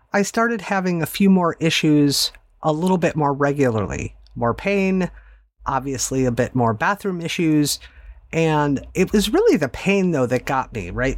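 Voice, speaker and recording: A middle-aged woman hosting a podcast, candidly recounting a personal story in a conversational way with wry asides. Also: sits low. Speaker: podcast host.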